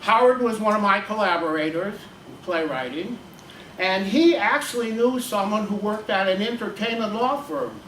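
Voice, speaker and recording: A man, a teacher and playwright, performing a solo stage monologue with halting speech full of fillers. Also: high voice, a bit bright, slight background noise. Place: stage in a theater. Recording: echoey room, distant mic, faint ambience.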